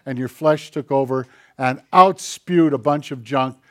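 A man preaching a sermon in an animated, conversational way, acting out quoted voices and tossing asides to the congregation. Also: mid-range voice, measured pace. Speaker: pastor.

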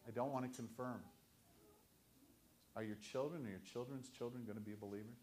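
A man's voice: medium pitch, fairly even intonation, a little fast, a little mellow. An older man, a pastor, preaching an earnest, conversational sermon to his congregation.

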